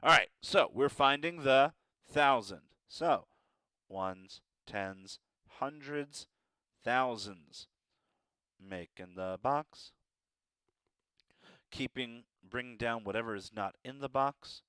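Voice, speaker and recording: A man's voice: mid-range voice, takes it slowly, sharp tone, clear, resonant tone, dry recording. A man teaching a math lesson, encouraging and playful with joking asides.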